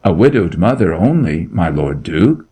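A man's voice: low voice, sing-song, moderate pace, dark tone, husky, heavily acted. A man reading a story aloud, voicing a timid young shepherd boy who pleads in a frightened country dialect. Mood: eager.

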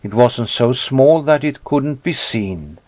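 A man reads a rural tale as an audiobook narrator. His delivery is measured and plain, taken at a slow pace. The recording is close and dry, with no room sound. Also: mid-range voice, lively intonation, darkish tone, no room sound.

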